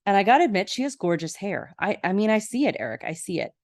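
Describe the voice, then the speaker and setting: A woman's voice: medium pitch, big pitch swings, fast, no echo, clean studio sound. A woman hosting a podcast, casually recapping a TV episode with chatty asides and frequent laughter. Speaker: podcast host.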